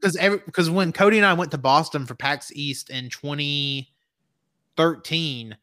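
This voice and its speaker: A young man from Alabama with a Southern US accent, hosting a casual podcast chat, animated and swearing freely. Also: fairly high pitch, moderate pace. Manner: animated, swearing, laughing often. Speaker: podcast host.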